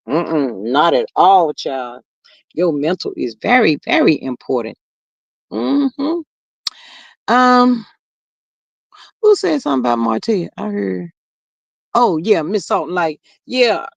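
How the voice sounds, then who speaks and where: Woman host chatting on a stream, gravelly and dry, close mic. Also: no room sound, muffled recording. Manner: chatty, drawling, swings high and low in pitch. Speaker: livestream host reading chat. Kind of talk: casual chat.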